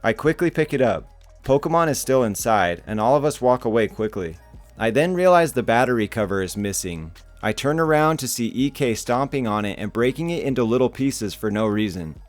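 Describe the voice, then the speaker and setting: Channel narrator, male, casual wry storyteller, mid pitch; faint music bed behind. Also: expressive, fairly quick. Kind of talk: narrating internet stories.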